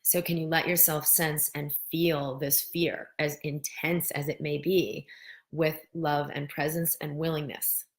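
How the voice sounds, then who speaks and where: A middle-aged woman hosting a live wellness stream, gently guiding listeners through breathing and answering viewer comments. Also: low-pitched, level tone, unhurried. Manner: gentle, guides listeners through breathing, acts out worried voices.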